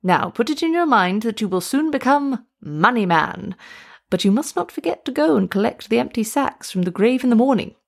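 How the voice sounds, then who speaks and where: A woman voicing a frightened, pleading old male witch doctor in a storybook reading, drawing his words out high and slow. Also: animated, gravelly. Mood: cheerful. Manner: high, drawn-out, pleading delivery.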